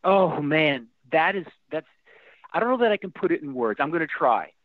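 A man's voice: fairly high pitch, normal speed, no room sound. Middle-aged man on a tinny phone line. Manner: animated storyteller with restarts and fillers. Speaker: rock singer, guest. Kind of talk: casual interview storytelling. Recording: thin phone-like line, dry.

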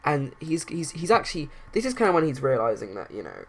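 A woman's voice: low-pitched, fast talker. Chatty woman narrating a life-sim game. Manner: chatty, rambling, bursts of excited outrage. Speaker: let's play narrator. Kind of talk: casual game commentary.

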